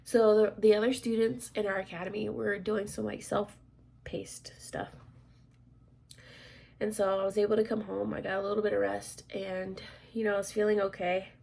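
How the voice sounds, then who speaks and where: A woman in her thirties chatting casually as a vlogger, rambling with lots of fillers, clearing her throat often and dropping to soft asides. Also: medium pitch, flat delivery, normal speed. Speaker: crafts vlogger and military instructor. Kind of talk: casual chat.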